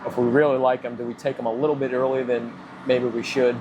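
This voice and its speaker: A man with a Boston accent, a football general manager answering interview questions in a measured, businesslike way, with many "you know" fillers. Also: mid-range voice, little pitch movement, lo-fi sound, background noise. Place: live remote broadcast at a football event.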